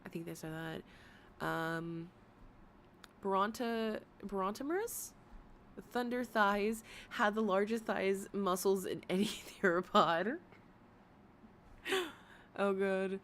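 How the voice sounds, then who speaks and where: A woman streaming casual commentary sounds worn out from long talking, wandering off topic, breaking off mid-thought, and giggling. She speaks slowly with frequent pauses in a mid-range, fairly bright voice, over a faint hiss or hum.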